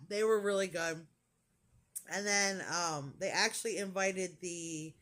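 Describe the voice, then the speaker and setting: A woman's voice: lowish voice, fairly bright tone. Gushing, rambling woman vlogger. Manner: gushing, rambling storytelling with many fillers. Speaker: crafting vlogger. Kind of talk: casual chat.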